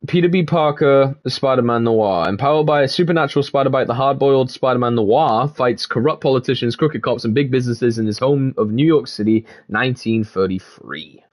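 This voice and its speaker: A man's voice: mid-range voice, fairly quick, hardly any pauses. A man giving gaming commentary and reading in-game text aloud, swearing freely and laughing often. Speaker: gaming video creator.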